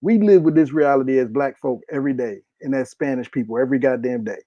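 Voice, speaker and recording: Heated, profane political commentary comes from a man in his thirties, who hammers his points through repetition in this impassioned solo piece. His warm, medium-pitched voice moves fast, and the dry lo-fi recording sounds dull, with no echo.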